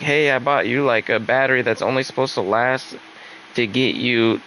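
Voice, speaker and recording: A man's voice: mid-range voice, fairly even intonation, normal speed, bright, forceful tone, slight background noise, rough recording. A young man venting casually in a rambling, upset way, with lots of fillers and swearing. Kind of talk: casual venting while gaming.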